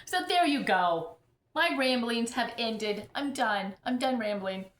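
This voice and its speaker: A woman's voice: fairly high pitch, lively intonation, a little slow, fairly bright tone, roomy sound. A middle-aged woman chatting casually about her houseplants at home, rambling and laughing often while getting over an illness. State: recovering from illness. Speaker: houseplant vlogger. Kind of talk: casual chat. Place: home full of plants.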